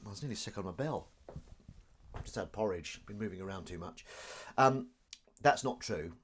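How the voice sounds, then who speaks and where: A man's voice: low-pitched, expressive, normal speed, long pauses, a little hiss or hum. A man hosting a live stream in a casual, jokey, self-mocking way, reading viewer comments aloud.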